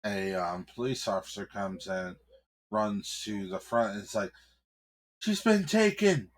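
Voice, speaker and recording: A man's voice: low voice, steady tone, a little slow. A man improvising a story aloud, rambling with fillers and crude words.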